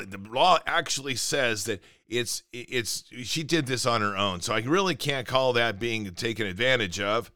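A man's voice: mid-range voice, pushed and bright, no room sound, studio quality. Indignant man ranting over the news. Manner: indignant, sarcastic, reads news items aloud. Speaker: commentary show host. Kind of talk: ranting political commentary.

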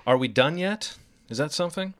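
A man's voice: on the high side, animated, fairly quick, a bit bright. A man hosting a casual podcast chat, joking around and reading lists aloud with mock disbelief. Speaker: podcast host.

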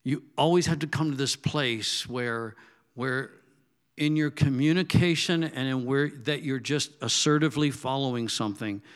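Conversational preacher with emphatic swings. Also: male voice, normal speed, smooth. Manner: conversational, swings between loud emphatic bursts and soft low asides; talks directly to the congregation with questions. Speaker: pastor. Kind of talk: sermon.

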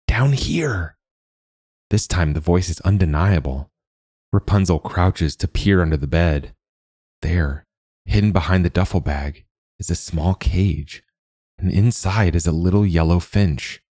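Male audiobook narrator, very deep voice, dry close recording, measured delivery. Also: dark tone, no room sound.

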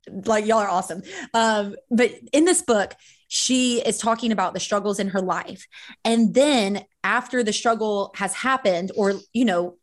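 A woman hosting a faith podcast, talking in an affirming, chatty way. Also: a little high. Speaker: podcast host. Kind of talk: faith-based podcast conversation.

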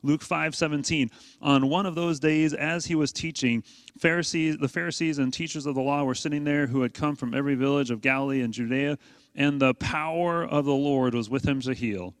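Preaching at a brisk pace, this pastor has a slightly high voice with a steady tone, and the recording is dry. He keeps his sermon conversational, peppering it with rhetorical questions and stressing the main points forcefully.

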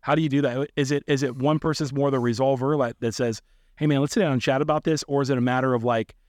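A man's voice: medium pitch, fairly even intonation, fast, dry recording. Male podcast host, teasing, restarts his sentences, dry close mic. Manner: probing questions, playful teasing, stammering restarts. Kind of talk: casual podcast interview.

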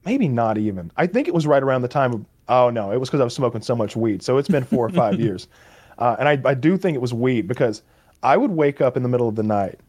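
A man's voice: medium pitch, lively intonation, fast, darkish tone. A man co-hosting a podcast, telling loose stories full of fillers and swearing. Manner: loose, profane, rambling with many fillers. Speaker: podcast co-host. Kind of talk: casual chat, storytelling.

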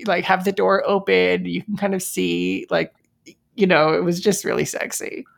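A woman's voice: lowish voice, little pitch movement, normal speed, creaky. A woman in a candid podcast chat, telling stories in a rambling way full of fillers.

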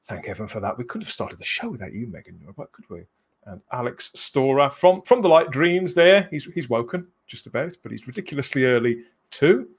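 A man's voice: mid-range voice, very animated, brisk, slightly rough. A man from England hosting a live-streamed chat show in a jokey way, chuckling between phrases. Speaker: host.

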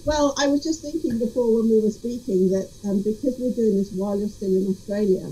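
A woman's voice: fairly high pitch, fairly quick, warm tone, breathy edge, rough recording. A woman hosting a podcast, giving an upbeat scripted intro and then chatting with a remote guest. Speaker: podcast host.

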